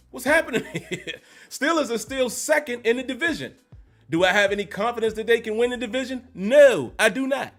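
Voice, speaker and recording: A man hosting a live-streamed football recap, animated and emphatic, repeating phrases to drive his points home. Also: high voice. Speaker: sports commentary host.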